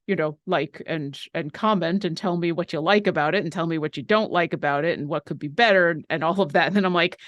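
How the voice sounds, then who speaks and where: A woman's voice: on the low side, fairly bright tone, dry recording. Woman hosting a painting stream, rambly and chatty, dry close mic. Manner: chatty and rambling, quick asides. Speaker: stream co-host reading chat questions. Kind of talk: casual chat on a live painting stream.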